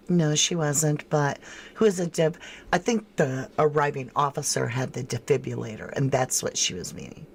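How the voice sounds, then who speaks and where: A woman's voice: deep voice, moderate pace, slight background noise. A woman hosting a true crime livestream in casual commentary, thinking aloud and answering viewers' chat comments by name with frank disbelief.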